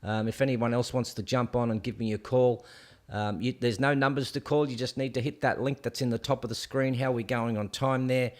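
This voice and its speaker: A man's voice: mid-range voice, fairly quick. Chatty Australian man hosting a live show. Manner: chatty, excitable, says "mate" and "people" a lot. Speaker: host of a live call-in show. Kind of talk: live-stream chat.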